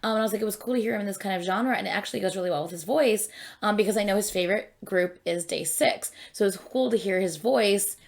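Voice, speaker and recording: Chatty woman with a gravelly edge. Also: medium pitch, quick pace. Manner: chatty, rambling with many ums and likes. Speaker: reaction video host. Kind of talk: casual chat to camera.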